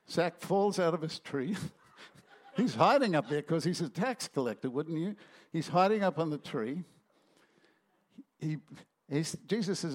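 A man's voice: fairly high pitch, animated, measured pace, long pauses. A man preaching a sermon, telling stories animatedly and acting out the voices in them.

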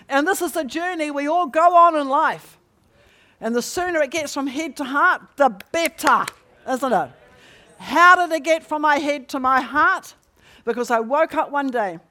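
A middle-aged woman preaching in a church meeting, telling a personal story with lively rhetorical questions to the congregation. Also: a little high. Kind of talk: sermon testimony.

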